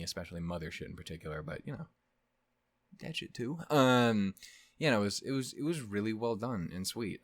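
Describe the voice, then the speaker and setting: A young man riffs on a show he just watched in loose, casual commentary. He swears freely, restarts his sentences and laughs at his own asides, and his pitch leaps high and drops low. The recording is dry and close. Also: dry recording. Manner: rambling, profane, self-interrupting, laughs often. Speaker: reaction channel host.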